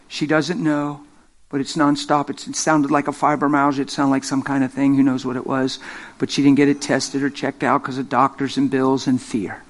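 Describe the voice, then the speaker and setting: A middle-aged man preaching a sermon, telling stories with lively energy, laughing and acting out the voices of the people in them. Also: on the high side. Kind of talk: sermon with storytelling. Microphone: handheld microphone.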